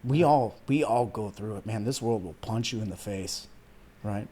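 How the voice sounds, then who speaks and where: Fairly low and dark, with a breathy edge and moderate pace, this is the voice of a weight loss coach in his thirties from Iran. As a podcast guest he opens up about his life in a casual, earnest, heartfelt manner, calling the host "man" and "dude" and at times nearly in tears.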